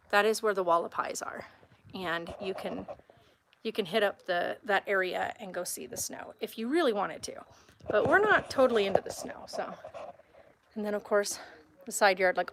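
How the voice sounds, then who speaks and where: A woman's voice: mid-range voice, creaky, slight background noise. A young woman chatting casually and rambling a bit as she films a tour of her house and talks to her cats in baby talk. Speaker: vlogger touring her home. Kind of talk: casual home tour vlog. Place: house, indoors and yard.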